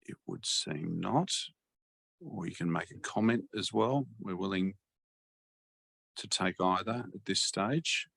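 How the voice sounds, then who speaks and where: A man chairing a council webinar, measured and hesitant with many fillers. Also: low-pitched, vocal fry, pushed and bright. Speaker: meeting chair.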